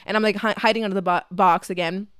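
A woman's voice: medium pitch, steady tone, fast talker, clean tone, no echo, studio quality. A young woman whose first language is Tamil, hosting a podcast and telling a story casually, swearing freely and saying "like" often. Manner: chatty and profane, heavy use of "like". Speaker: podcast host.

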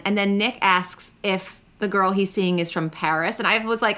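Young female co-host, bright and chatty, teasing gossip delivery. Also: medium pitch, steady tone, moderate pace, hardly any pauses. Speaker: podcast co-host. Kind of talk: casual gossip chat.

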